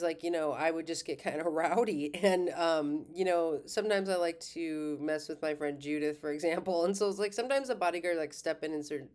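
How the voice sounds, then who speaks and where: A woman's voice: on the low side, darkish tone. A middle-aged woman astrologer talking casually, rambling with many fillers, restarts and laughs. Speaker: astrologer and school host. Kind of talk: casual monologue.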